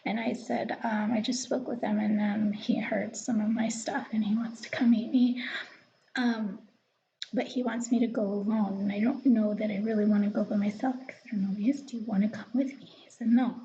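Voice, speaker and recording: Confiding woman with gravelly fry. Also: medium pitch, steady tone, normal speed, warm tone, dull audio, a little hiss or hum. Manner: rambling, confiding, drops to a whisper at times. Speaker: vlogger. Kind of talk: casual storytelling.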